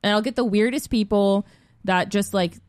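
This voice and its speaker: A woman's voice: medium pitch, normal speed, dry recording, clean studio sound. A young woman hosting a casual chat, telling a funny story with lots of laughter and acted-out quotes. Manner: animated, laughing storyteller who acts out quotes.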